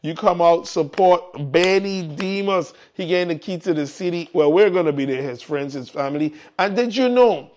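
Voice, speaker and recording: A man's voice: on the high side, normal speed, few pauses, darkish tone, a little hiss or hum. A man hosting a live morning show in casual chat, upbeat and fond of repeating his calls to the audience. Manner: upbeat, repetitive exhortations to the audience.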